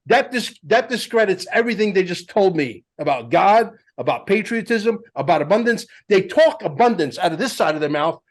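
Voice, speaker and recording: Animated, higher-pitched male podcast host. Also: moderate pace, hardly any pauses. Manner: animated storyteller, emphatic and blunt. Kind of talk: casual podcast chat.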